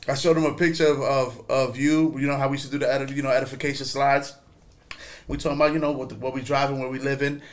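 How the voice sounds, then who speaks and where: A man telling lively, profane stories in a casual podcast chat, laughing often as he goes. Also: mid-range voice, quick pace. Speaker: podcast co-host.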